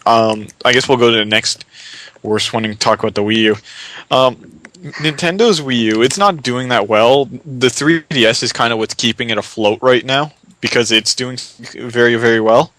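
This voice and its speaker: Male podcast host, opinionated, casual, forceful bright delivery. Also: medium pitch, poor audio. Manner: opinionated, quick restarts. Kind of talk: casual gaming podcast chat.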